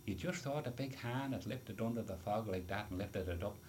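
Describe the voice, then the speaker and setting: A man's voice: lowish voice, moderate pace, darkish tone. An older man recalls voyages at sea in an oral history interview. He rambles and restarts, tossing in "you see" asides. Faint background noise sits under the voice. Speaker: retired sailor telling of voyages.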